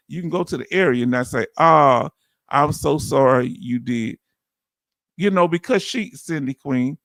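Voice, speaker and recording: A man hosting a livestream, talking casually and warmly straight to his viewers, often repeating himself for emphasis. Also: a little high, no room sound. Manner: animated, talks straight to viewers, repeats "let me tell you something". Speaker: livestream host.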